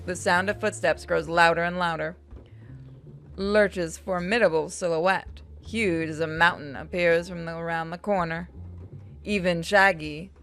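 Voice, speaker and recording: A woman's voice: on the low side, a bit bright. A woman reading and narrating a game aloud, with joking, swearing, self-mocking asides.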